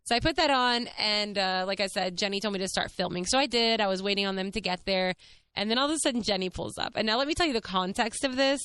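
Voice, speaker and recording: A woman in her thirties tells a story on her podcast in a chatty, lively way. Her voice is smooth and clear, and she laughs easily and swears casually as she talks. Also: mid-range voice, quick pace. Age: 30s. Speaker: podcast host.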